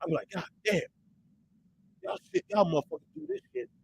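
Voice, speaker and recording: A man hosting a heated, profane commentary rant who repeats himself for emphasis and breaks into shouts when worked up. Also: high-pitched, huge pitch swings, brisk, vocal fry, a little hiss or hum, low-quality recording. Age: adult parent. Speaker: host.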